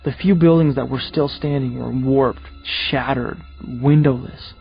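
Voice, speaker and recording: A man narrating a first-person audiobook in a steady, measured storytelling voice. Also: medium pitch, gravelly, slightly rough, lo-fi sound, faint music behind.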